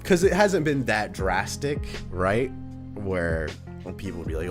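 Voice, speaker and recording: A man chatting casually on a journaling livestream, relaxed and rambling, thanking viewers as he goes. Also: fairly low pitch, a little slow. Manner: relaxed, rambling, reads out chat. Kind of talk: casual stream chat. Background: lofi music.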